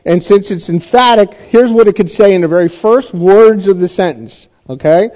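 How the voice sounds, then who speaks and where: A pastor with a high voice and darkish tone teaches a Bible passage to his congregation at a moderate pace, barely pausing. His sermon style is conversational, and he often checks in with listeners and repeats points for emphasis, captured in a dull lo-fi recording.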